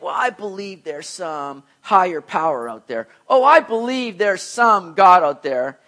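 A man preaching a sermon in an animated way, often repeating words and acting out imagined voices. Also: high voice.

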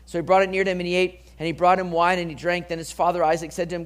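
A man preaching a sermon, reading scripture and acting out the people in the story with lively commentary. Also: high-pitched, rapid-fire. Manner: animated, acts out voices of the people in the story. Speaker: pastor.

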